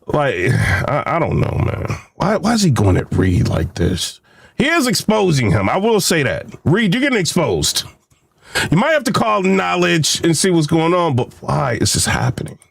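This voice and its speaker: Animated man reacting with jokes. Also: on the high side, moderate pace, gravelly, no echo. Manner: animated, joking, repeats and restarts. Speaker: commentary host. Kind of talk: reaction commentary.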